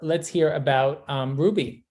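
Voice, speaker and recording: A chatty, encouraging host runs a graduation over a video call, teasing the graduates now and then. The voice sits at a middling pitch and is heard through a call microphone. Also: steady tone, a little slow, warm tone. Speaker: ceremony host. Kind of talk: hosting a virtual graduation.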